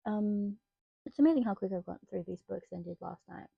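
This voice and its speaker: A woman's voice: medium pitch, vocal fry, slightly rough, dry recording, highs cut off. A young Australian woman reviewing books in a chatty, rambling way that slides into rants. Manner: chatty, rambling, quick to rant. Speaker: book vlogger. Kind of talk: casual book review chat.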